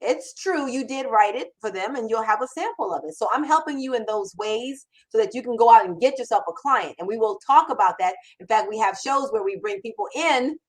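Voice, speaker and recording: A copywriting mentor hosts a live Q&A show, speaking emphatically and conversationally with frequent restarts. Her voice is on the high side and expressive, and she talks fairly quickly with hardly any pauses on a low-quality recording.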